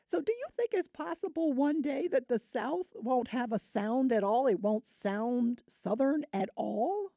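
A woman's voice: sits high, expressive, unhurried, vocal fry, few pauses, mellow, no room sound, clean studio sound. A woman hosting a public radio show, asking curious questions and offering brief affirmations.

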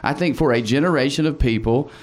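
A man's voice: mid-range voice, brisk. A man from Tennessee with an Appalachian accent, a comedian guest talking in a blunt, profane, joking way. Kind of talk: casual conversation.

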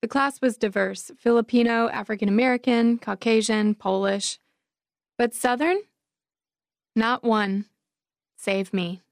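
A woman from North Carolina reading her personal essay in a deliberate, reflective way. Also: a little high, fairly even intonation, vocal fry.

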